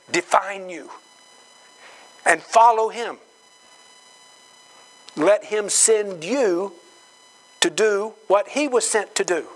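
A man preaching a sermon, slow and emphatic, acting out quoted voices with dramatic swings in pitch. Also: a little hiss or hum, rough recording. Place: church gathering hall.

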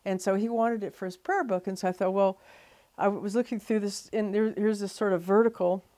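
A middle-aged woman, a photographer telling her story in an interview, animated and full of fillers and restarts. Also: medium pitch, fairly quick. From Louisiana.

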